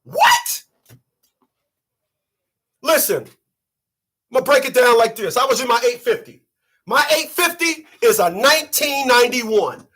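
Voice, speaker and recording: A man hosting his own channel, ranting and telling a story in a loud, emphatic, profane monologue. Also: very high voice, very animated, unhurried, pauses often, slightly rough. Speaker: channel host.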